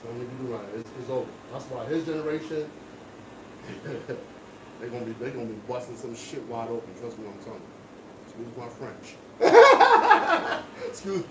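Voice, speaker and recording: A man's voice: medium pitch, fairly even intonation, quick pace, distant mic. A man talking casually while he works as a barber, speaking in an emphatic, lecturing monologue. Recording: echoey room with background noise.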